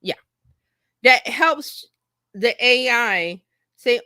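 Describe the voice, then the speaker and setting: Bright, chatty woman coach. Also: fairly high pitch, moderate pace, no room sound. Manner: animated, chatty, laughs often. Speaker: marketing coach. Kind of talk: casual podcast chat.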